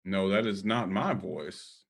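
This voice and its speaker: A man's voice: sits low, slow pace, gravelly, breathy edge. A man playing a character in a horror tabletop game, speaking in a polite, formal way. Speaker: player. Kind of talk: in-character tabletop role-play.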